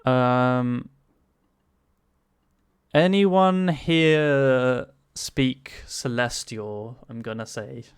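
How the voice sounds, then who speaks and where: Guy running a tabletop game, slow and halting, clean dry sound. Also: medium pitch, smooth, dry recording. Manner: hesitant, many fillers, chuckling. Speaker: game master.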